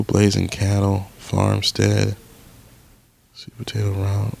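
A man's voice: sits low, gravelly, no echo. A young man hosting a podcast, chatting casually and grumbling with exasperation as he thinks aloud and swears. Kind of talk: casual solo chat while browsing online.

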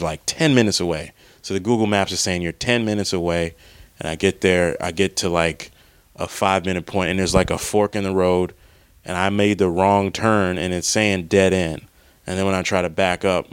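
A man with a very low, smooth, resonant voice tells a rambling story, cursing freely as he goes. The sound is close and dry, with no room around it. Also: no room sound. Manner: profane, rambling, animated retelling. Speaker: comedian. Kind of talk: casual storytelling monologue.

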